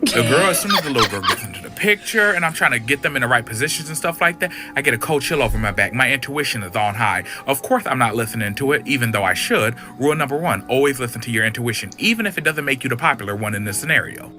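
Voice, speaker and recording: A man's voice: medium pitch, lively intonation, quick pace, pushed and bright, soft background music. A man telling a spooky personal story in a sassy, profane, dramatic way. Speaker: storyteller in a clip. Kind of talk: animated story time.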